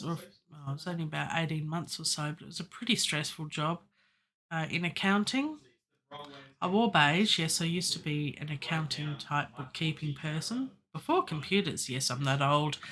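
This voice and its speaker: A woman's voice: lowish voice, pushed and bright. A middle-aged woman, chatting casually and digressively on a live stream from her home studio, laughing often and joking at her own expense. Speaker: musician livestreaming her songwriting. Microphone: studio microphone.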